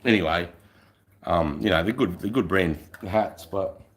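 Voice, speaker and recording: A man's voice: sits low, measured pace, breathy edge. A middle-aged Australian man, a former soldier, telling blunt, profane stories in casual podcast chat. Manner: blunt, heavily profane storytelling.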